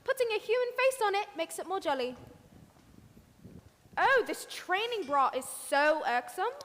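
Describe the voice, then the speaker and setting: A young woman actor on a school stage playing a plucky, proper girl on her first mission, speaking in a crisp, prim and upbeat way. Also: very high voice, sing-song, normal speed, a bit bright, full character voice. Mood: determined. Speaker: student actor. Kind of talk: stage play monologue. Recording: stage voice in a reverberant hall.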